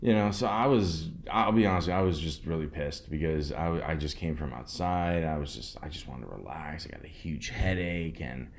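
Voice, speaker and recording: Deep-voiced rambling man telling a story. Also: normal speed, few pauses. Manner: rambling, sarcastic, many fillers and restarts. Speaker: podcast host. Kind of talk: casual storytelling monologue.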